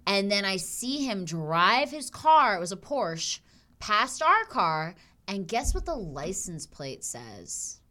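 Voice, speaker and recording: Bright, animated young woman podcast host. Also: medium pitch, takes it slowly. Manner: animated, profane storytelling. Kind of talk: casual podcast chat.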